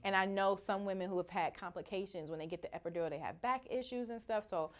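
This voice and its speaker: A woman's voice: medium pitch, fast. A woman guest in an interview, plainly recounting a personal story and repeating details as she goes. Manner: plain, repeats herself, frequent fillers.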